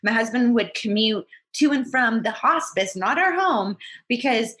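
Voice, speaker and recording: A woman's voice: on the high side, animated, unhurried, a bit bright. A woman in her thirties, a podcast guest telling a personal story in a candid, earnest way. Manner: earnest and candid, acts out what people said.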